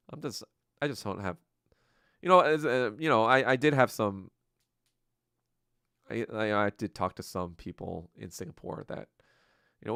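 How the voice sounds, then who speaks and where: A man's voice: sits low, creaky, fairly bright tone, dry recording, clean studio sound. A young man hosting a solo podcast, rambling and ranting in a crude, sarcastic, profane way. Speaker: podcast host. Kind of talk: casual solo livestream rant.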